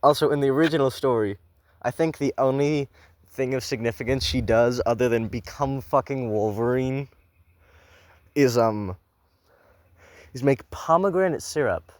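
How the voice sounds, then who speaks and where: A man's voice: medium pitch, moderate pace, pauses often, darkish tone, no room sound. A man reading a story cold and stopping often for sarcastic, swearing asides. His voice sits in a middle range for a man and is recorded dry and close, with no room sound. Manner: sarcastic, profane, rambling asides. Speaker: channel host reading a horror story. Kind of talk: blind reading with comedic commentary.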